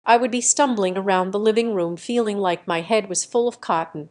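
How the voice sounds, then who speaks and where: A distraught young son, read by a woman narrator, speaks in panic, his words choked and rushed. It sits inside a storybook reading. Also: medium pitch, a little mellow, lightly acted. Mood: panicked.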